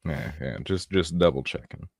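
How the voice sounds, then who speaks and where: A man's voice: very deep voice, normal speed, creaky, a little mellow, no echo. A man chatting casually and joking, swearing freely, as a game master among players. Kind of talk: casual chat.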